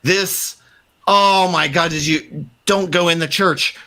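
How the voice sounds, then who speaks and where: A man's voice: on the high side, steady tone, slow pace, pushed and bright, pitched above the performer's own voice, heavily acted. Man putting on a frantic stammering Western doctor. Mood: panicked. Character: panicked man, a doctor in the Old West.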